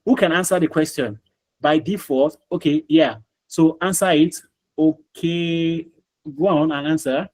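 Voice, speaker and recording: Man teaching over a video call, fairly high husky voice, repeats phrases, asks students questions. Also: unhurried, darkish tone, rough recording. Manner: repeats himself, quizzes students by name. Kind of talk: live online class lesson.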